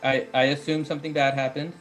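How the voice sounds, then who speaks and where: A man's voice: fairly high pitch, little pitch movement, fast, fairly bright tone, faint music behind. A man playing a tabletop game, hesitant and apologetic. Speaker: player.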